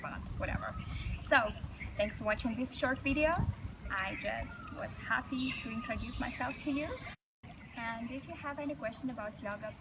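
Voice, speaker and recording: A young woman with a Russian accent, chatting upbeat in a vlog intro, searching for English words now and then, speaking into a handheld mic outdoors. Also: a little high. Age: young adult. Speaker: vlogger and yoga teacher. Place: outdoors, windy and noisy. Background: outdoor noise.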